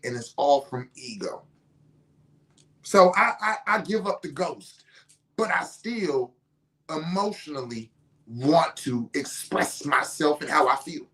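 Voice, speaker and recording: A middle-aged woman hosting a podcast, telling a story in a loose, animated, profane way and acting out what others said. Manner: animated and profane, acting out other people's lines with big pitch jumps. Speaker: podcast host. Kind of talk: casual storytelling.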